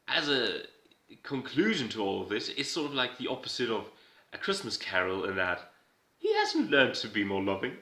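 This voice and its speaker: A man recaps casually, rambling and swearing with an irreverent edge. His voice is bright and forward. The room around him is noticeably roomy. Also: mid-range voice, huge pitch swings, moderate pace. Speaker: video host recapping a TV episode. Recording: roomy echo.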